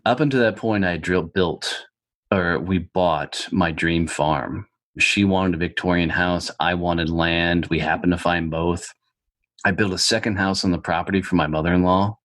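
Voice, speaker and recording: A deep-voiced middle-aged man tells his story in a blunt, profane, animated way. The sound is dry and close, with no room echo. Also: normal speed. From United States. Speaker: podcast guest. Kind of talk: storytelling in an interview.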